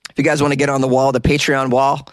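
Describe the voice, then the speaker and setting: A man's voice: medium pitch, little pitch movement, fast, no echo, clean studio sound. An American man hosting a podcast, casually reading listener reviews aloud in a jokey, self-deprecating way and laughing often. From United States. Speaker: podcast host. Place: small hot closet used as studio.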